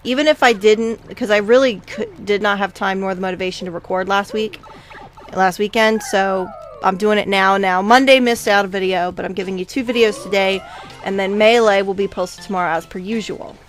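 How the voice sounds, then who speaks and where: A woman hosts a game playthrough, rambling casually from one aside to the next in a voice of ordinary pitch. Faint game music plays quietly behind her. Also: fairly even intonation, a little fast. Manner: chatty, rambling, with many asides. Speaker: let's play host.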